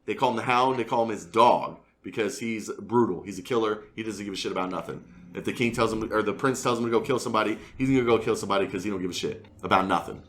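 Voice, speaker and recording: A young man co-hosting a podcast, retelling a story in casual chat with quick voiced asides and plenty of swearing. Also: fairly low pitch, a bit bright. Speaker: podcast co-host.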